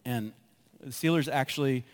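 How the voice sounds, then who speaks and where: A man preaching a sermon as pastor, telling personal stories and acting out his own reactions with lively energy. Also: mid-range voice, moderate pace. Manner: animated storytelling, acts out his own reactions.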